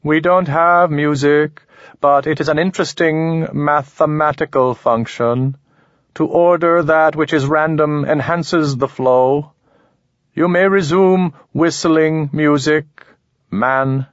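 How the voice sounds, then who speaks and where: A man voicing a genderless alien who speaks in slow, formal, clinical phrases in an audiobook. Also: fairly high pitch, steady tone, dry recording, dull audio, voice pushed up. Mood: curious, analytical. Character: genderless alien, cold, precise, analytical. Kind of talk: audiobook character voice.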